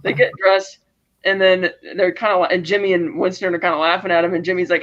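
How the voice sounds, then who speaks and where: High-voiced guy racing through a movie recap on a podcast, rambly, sounds kinda dull and lo-fi. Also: level tone, fairly bright tone. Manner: rapid, rambling retelling full of laughs. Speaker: podcast co-host. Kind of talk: casual movie recap chat.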